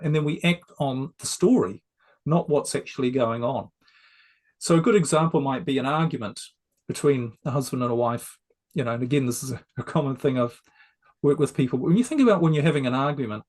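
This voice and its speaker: A man who is a success coach, a guest on an interview show, explaining ideas in a gently persuasive, conversational way. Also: fairly high pitch.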